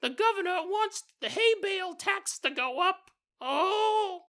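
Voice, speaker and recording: High, wailing old servant ghost, self-pitying, with a deliberately awful British accent. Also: male voice, expressive, sharp tone, exaggerated voice. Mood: griping. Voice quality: bad fake British accent, moaning. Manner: complaining, wailing. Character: whiny old hunchbacked male servant ghost.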